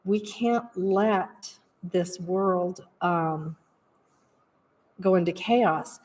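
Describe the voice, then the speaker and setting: A woman's voice: on the low side, very slow, a little mellow, far from the mic. A woman giving a casual, rambling spiritual talk in an earnest way as a practitioner. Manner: rambling, earnest, laughs while telling stories.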